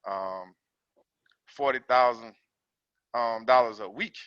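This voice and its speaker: A man calling in to a group coaching call to talk about his trucking business, halting and reflective as he feels his way through his thoughts. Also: mid-range voice, clean tone, dry recording. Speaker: caller, trucking business owner. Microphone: call audio. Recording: dull, dry call audio.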